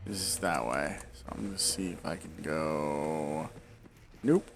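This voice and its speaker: A man's voice: a bass voice, a little slow, gravelly, background noise. A man in his forties talking casually over gameplay, rambling off into tangents, hiccuping and speaking around a swollen tongue. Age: 40s. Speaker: gameplay video creator.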